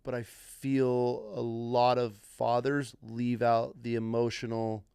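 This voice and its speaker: A man's voice: medium pitch, little pitch movement, slow, vocal fry, a little mellow, clear, resonant tone, no room sound, clean studio sound. A man hosting a podcast interview, asking long, thoughtful questions with frequent restarts. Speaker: podcast host. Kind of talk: casual interview chat.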